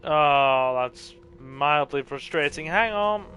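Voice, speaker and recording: Sleepy guy chatting thru a horror game, slow and jokey, slightly high voice. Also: lively intonation, pushed and bright, faint music behind. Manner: joking, chatty, self-deprecating. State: tired, yawning. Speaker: let's play host. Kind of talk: casual gameplay commentary.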